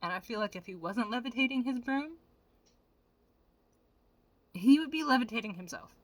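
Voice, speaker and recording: A woman vlogger giving animated, profane, casual commentary straight to her viewers. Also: fairly high pitch, moderate pace, no room sound.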